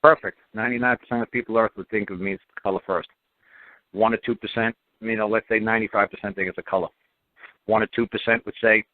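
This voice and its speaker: A man hosting a radio talk show, blunt and animated, mocking others in put-on quotes. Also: fairly low pitch, quick pace, no echo. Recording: tinny phone-like dry audio.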